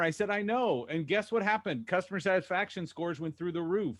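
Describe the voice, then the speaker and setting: A man co-hosting a podcast, telling lively anecdotes and acting out what people said. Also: sits high, fairly quick. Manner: animated anecdotes, acting out quotes. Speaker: co-host. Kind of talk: casual podcast storytelling.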